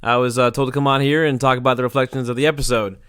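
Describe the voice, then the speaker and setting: A man's voice: mid-range voice, level tone, racing, a bit bright, smooth, dry recording, clean studio sound. A man rambling crudely through closing thoughts on a casual podcast, swearing and laughing as he goes. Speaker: podcast producer.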